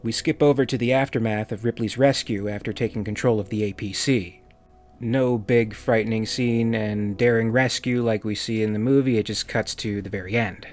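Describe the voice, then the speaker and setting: A man's voice: lowish voice, fairly even intonation, normal speed, a little mellow, faint music behind. Dry, wry male video essayist. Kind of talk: comic review narration.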